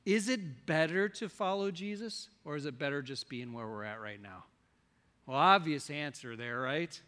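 A man preaching a sermon to his congregation, questioning them directly and swinging between loud and soft delivery. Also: a little high, expressive, moderate pace, in a large hall. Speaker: pastor.

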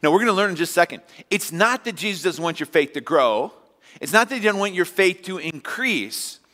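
Expressive and forceful, the pastor speaks in a high, bright voice at a slightly fast clip. His sermon is conversational, with little scenes acted out for the congregation, recorded in a sanctuary with long hall reverb.

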